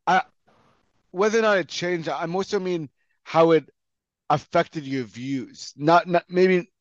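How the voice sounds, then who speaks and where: A man's voice: a little high, unhurried, dry recording. Young male interviewer, casual, talks in loose run-ons, dry dull recording. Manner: chatty, often checks in with "you know what I mean".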